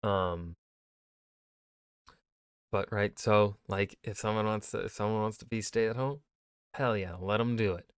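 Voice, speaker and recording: A man's voice: lowish voice, fairly even intonation, unhurried, pauses often, smooth, no room sound, clean studio sound. A man reacting to a history video, chatting loosely with plenty of swearing and "right?"s. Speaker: YouTube host reacting to a video. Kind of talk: casual reaction commentary.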